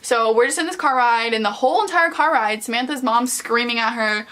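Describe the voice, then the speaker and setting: Chatty young woman with a bright voice. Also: a little high, brisk, few pauses. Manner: chatty, profane, filler-heavy. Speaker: vlogger. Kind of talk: casual storytime.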